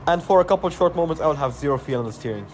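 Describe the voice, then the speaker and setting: Fast-talking man narrating his race. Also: a little high, expressive, darkish tone. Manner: explanatory, matter-of-fact. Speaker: sim racing channel host. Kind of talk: voice-over race commentary. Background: background music.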